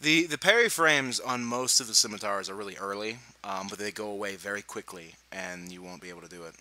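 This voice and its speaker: A man's voice: fairly low pitch, fairly quick, bright, forceful tone, rough recording. A young man giving casual gameplay commentary, chatty and laughing, with playful sarcastic asides.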